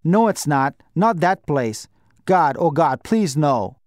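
A man's voice: a little high, sing-song, slow, no echo, studio quality. A man voicing a frightened young orphan boy who pleads with a breaking voice. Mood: terrified pleading.

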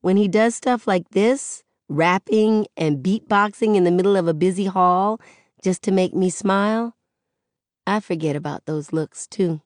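A woman reading a first-person audiobook in a candid, conversational and expressive way, close to the mic. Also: medium pitch, a little slow, dry recording. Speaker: audiobook narrator.

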